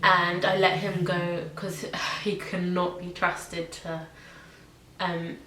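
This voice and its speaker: Low, flat-voiced young woman vlogging. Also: takes it slowly. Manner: chatty, many ums and likes. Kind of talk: casual pet tag video. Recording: echoey room with faint hiss.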